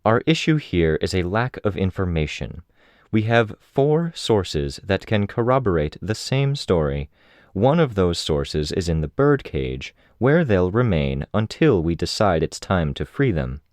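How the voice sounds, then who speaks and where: A man voicing a calm, unruffled woman doctor in an audiobook, speaking in a civil, pleasant way. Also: low voice, measured pace, no room sound, studio quality. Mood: composed.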